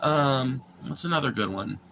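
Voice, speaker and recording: A man's voice: mid-range voice, animated, normal speed, creaky, fairly bright tone, slight background noise. Rambling, profane young man. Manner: profane, meandering, restarts and filler words. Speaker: livestream host chatting with viewers. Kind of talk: casual rambling chat.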